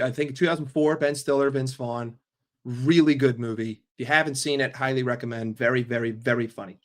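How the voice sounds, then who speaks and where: A man's voice: medium pitch, fairly bright tone. A man from New York ranting casually and profanely on a live stream, rambling between jokes and opinions. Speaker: football fan streamer.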